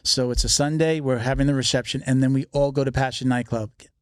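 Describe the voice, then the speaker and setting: A man's voice: mid-range voice, steady tone, no room sound. A man telling a long personal story in casual podcast talk, swearing freely and acting out the voices of the people he quotes. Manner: fast, profane storyteller who acts out quoted voices. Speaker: podcast guest.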